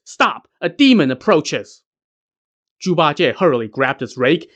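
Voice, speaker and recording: A man's voice: mid-range voice, a bit bright. A man narrating a classic legend as a podcast host, with casual joking asides. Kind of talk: scripted story narration.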